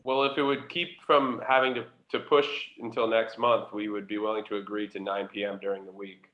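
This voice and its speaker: Low-voiced man on a roomy call. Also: flat delivery, a little fast, muffled recording. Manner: hesitant, negotiating. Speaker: applicant. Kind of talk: meeting discussion.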